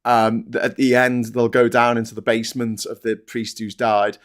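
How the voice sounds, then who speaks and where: A man's voice: medium pitch, completely flat delivery. Rambling British man in live chat. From United Kingdom. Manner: rambling, restarts, quick laughs. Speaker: co-host.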